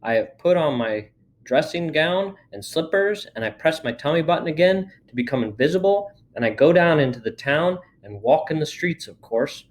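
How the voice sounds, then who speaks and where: A man reading a children's book aloud in a lively storytelling manner. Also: fairly high pitch, normal speed. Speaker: reader.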